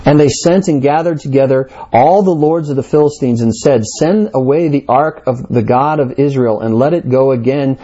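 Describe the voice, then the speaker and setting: A man's voice: mid-range voice, moderate pace, hardly any pauses, mellow, highs cut off. A man preaching a sermon, reading scripture aloud and then explaining it with emphatic repetition. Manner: reads scripture aloud then explains, stresses key words. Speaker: pastor. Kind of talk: expository sermon.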